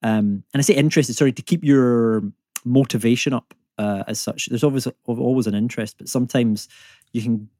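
A man's voice: medium pitch, fairly quick, dark tone, dry recording, studio quality. A man in his thirties with a Scottish accent, a climate economist and comedian, chatting casually and self-deprecatingly as a podcast guest. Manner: chatty, self-deprecating, many fillers and restarts.

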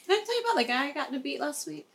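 A young woman co-hosting a podcast, telling a profane, animated story in casual chat. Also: high-pitched, rapid-fire, creaky. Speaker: podcast co-host.

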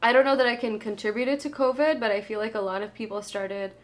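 A woman's voice: on the high side, fairly even intonation, fast talker. A woman co-hosting a podcast, chatting casually about music with frequent fillers and laughter. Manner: chatty, lots of "like", laughs often. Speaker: podcast co-host. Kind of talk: casual music review chat.

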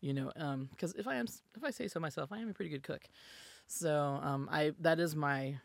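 Gravelly-voiced woman from the South. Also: low-pitched, fairly quick, no room sound, studio quality. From American South. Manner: chatty storyteller, many restarts and asides. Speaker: podcast guest. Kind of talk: casual chat.

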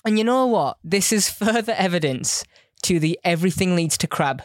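A woman with a lowish voice chats casually as a podcast co-host, jokey and teasing. She slips into playful put-on voices. The sound is close and dry. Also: animated, normal speed, no room sound. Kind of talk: casual chat.

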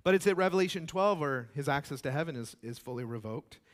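A man preaching a sermon as pastor, emphatic, acting out quoted voices and swinging between loud declarations and hushed asides. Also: fairly high pitch, lively intonation, fast talker.

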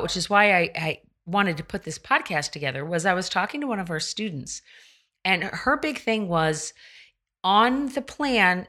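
A woman's voice: mid-range voice, fairly bright tone. A woman running coach giving a chatty solo podcast pep talk, full of rhetorical questions. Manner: conversational, with many rhetorical questions; loose and chatty, with fillers and restarts.

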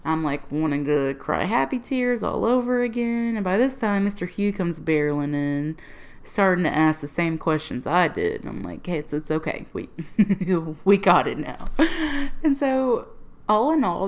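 A woman telling a personal story to camera in a casual, animated way, laughing often and acting out her own remarks. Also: on the low side, moderate pace. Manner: animated, laughing often, quoting herself in lively asides. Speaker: refuge history project researcher.

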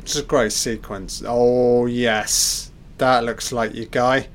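A man's voice: medium pitch, fairly even intonation, slow, few pauses. A man giving a loose, off-the-cuff film commentary, reacting aloud and swearing at the scenes.

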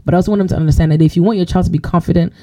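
A woman co-hosting a casual podcast, talking earnestly and quickly about parenting and acting out what a parent might say. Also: lowish voice, steady tone, mellow. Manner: earnest, fast-talking, acts out a parent's replies. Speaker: podcast co-host.

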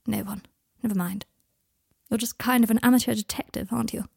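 Woman voicing a confident young man, coaxing, teasing, dark husky tone, storybook reading. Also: fairly high pitch, fairly even intonation, a little fast, full character voice. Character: young man, earnest and self-assured.

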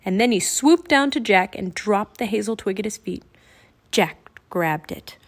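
Woman audiobook narrator, children's fiction, clear, expressive. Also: mid-range voice, unhurried.

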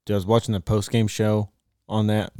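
A man's voice: lowish voice, level tone, fairly quick, mellow, clean tone, dry recording, studio quality. A man co-hosting a casual sports podcast, talking in a laid-back, hedging way that trails off. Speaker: podcast co-host.

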